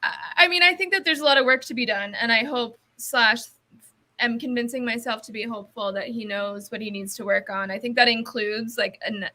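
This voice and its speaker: A woman's voice: fairly high pitch, brisk, sharp tone. A woman guest on a sports podcast, a soccer writer chatting casually and thoughtfully, hedging with fillers and laughing easily.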